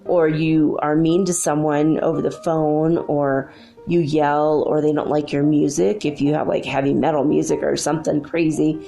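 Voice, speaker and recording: A woman's voice: deep voice, level tone, normal speed, creaky, warm tone, faint music behind. A middle-aged woman hosting a spiritual talk show, telling stories in a chatty, rambling way with many fillers. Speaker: spiritual channel host. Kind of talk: casual spoken monologue.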